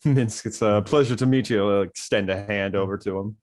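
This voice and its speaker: A man's voice: lowish voice, fairly quick, darkish tone. A man playing at a tabletop game, speaking hesitantly with lots of fillers. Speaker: player. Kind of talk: casual tabletop play.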